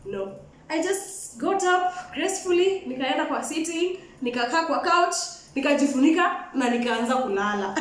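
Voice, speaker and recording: A young woman with a Kenyan accent telling a personal story in an animated, frank way, switching between English and Swahili. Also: sits high, normal speed. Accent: Kenyan, mixing Swahili and Sheng. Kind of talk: storytime vlog. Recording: echoey room, mic at a distance.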